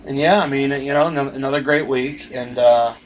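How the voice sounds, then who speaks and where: Relaxed man in casual chat. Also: mid-range voice, brisk, rough recording. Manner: relaxed, hesitant, lots of fillers.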